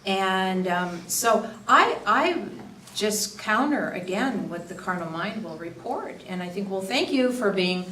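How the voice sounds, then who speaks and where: A woman speaking at a faith workshop, reflecting earnestly with quick restarts, recorded from a distance in an echoey room. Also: mid-range voice, expressive, bright, forceful tone. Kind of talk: faith reflection to a small group. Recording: echoey room from a distance, faint background noise.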